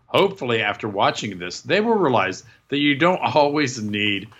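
Man, podcast co-host, husky and bright, lively sarcastic banter. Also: mid-range voice, normal speed, dull audio. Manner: jokey, sarcastic, reads emails aloud. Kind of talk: casual wrestling podcast chat.

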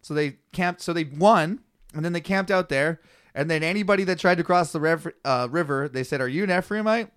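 A man's voice: on the high side, fairly quick, a bit bright, smooth, no room sound, studio quality. A man co-hosting a comedy podcast, reading scripture aloud with stumbles and swearing freely. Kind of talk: casual comedic chat.

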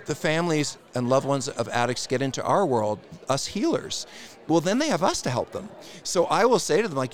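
Man, therapist guest, slightly high pitch, emphatic, blunt, passionate. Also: expressive, brisk. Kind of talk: casual interview.

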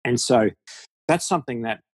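A man's voice: medium pitch, moderate pace, breathy edge, no echo. A man with an Australian accent talking as a deacon guest in a frank, jokey podcast chat, laughing often. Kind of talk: casual podcast conversation.

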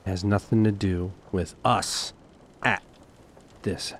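Man doing a grim young noble, very deep voice, measured, ominous. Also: fairly even intonation, slight background noise. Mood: grave.

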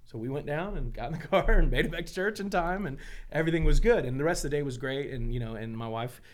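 Fast-talking man telling a family story. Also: fairly high pitch. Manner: animated storyteller, acts out quoted dialogue. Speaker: pastor and foster father. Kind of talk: casual podcast conversation.

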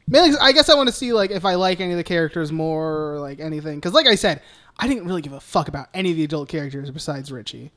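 A man's voice: fairly high pitch, expressive, rapid-fire, a bit bright. Brief: male podcast co-host, blunt and profane, casual film banter with frequent laughs. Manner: blunt, swears freely, laughs often.

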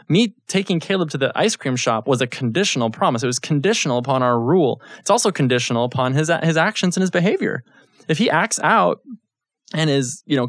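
A man's voice: mid-range voice, no echo, clean studio sound. A man in his thirties giving a casual Bible teaching, telling a family story and often checking in with his listeners. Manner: conversational, storytelling, frequent check-ins with listeners.

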